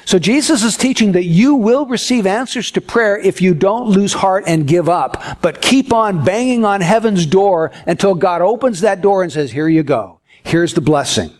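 A pastor preaching a sermon to his congregation, earnest and folksy, telling a homespun story with gentle humor. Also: high-pitched, expressive, moderate pace, hardly any pauses.

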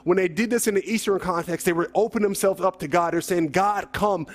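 A man's voice: high voice, fast talker. A man preaching a sermon as a pastor, talking in a conversational way with many rhetorical questions and rising to emphatic peaks.

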